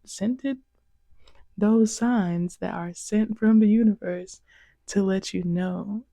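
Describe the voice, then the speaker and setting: A woman's voice: on the low side, warm tone, no echo, studio quality. A woman hosting her own vlog, talking to camera in a chatty, rambling way with lots of fillers. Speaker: vlog host. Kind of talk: casual monologue to camera.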